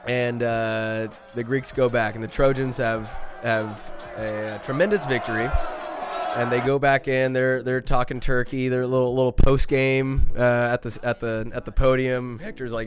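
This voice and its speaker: A man's voice: medium pitch, steady tone, normal speed, faint music behind. A man hosting a podcast, animatedly retelling a movie plot in a rambling way full of fillers and asides. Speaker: podcast host. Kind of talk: comedic movie recap.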